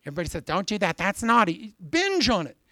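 A man's voice: sits high, fast, no room sound, clean studio sound. A male preacher from Iowa delivering a sermon, telling stories animatedly and acting out voices. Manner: animated storytelling, acts out voices and laughs.

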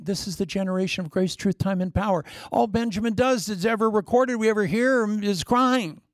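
Gravelly, animated male preacher. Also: fairly high pitch, no room sound, studio quality. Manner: animated storytelling, swings from shouts to hushed whispers. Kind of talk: sermon.

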